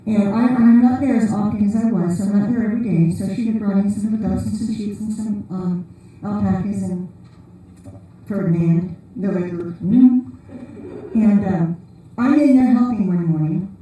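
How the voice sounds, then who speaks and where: A woman's voice: mid-range voice, fairly even intonation, moderate pace, dark tone. A woman giving an informal conference sermon in a large church hall, telling rambling, humorous stories. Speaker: conference speaker. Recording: very echoey hall, voice from a distance.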